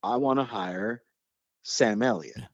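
This podcast host talks slowly in a fairly low voice, telling stories casually and lighting up with nerdy enthusiasm for his topic. The recording sounds dry and muffled.

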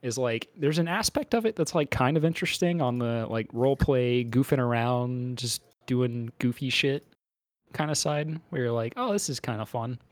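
A man's voice: mid-range voice, normal speed, dry recording. A man hosting a podcast in casual chat, laid-back and rambling with lots of hesitation. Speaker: podcast host.

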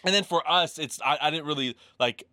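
A man in his thirties talking on a podcast with a bright, clear voice recorded dry and close. He rambles through a story with lots of "like"s and casual swearing. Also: on the high side, no room sound. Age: 30s. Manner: rambling, profane, fast storytelling with many "like"s. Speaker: podcast co-host. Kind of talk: casual chat.

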